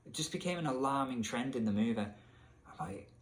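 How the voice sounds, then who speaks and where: A man hosting a comedic video rant about a game, talking in an exasperated, sarcastic way that jumps up in pitch when he is incredulous. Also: lively intonation, a little fast. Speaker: video essay host.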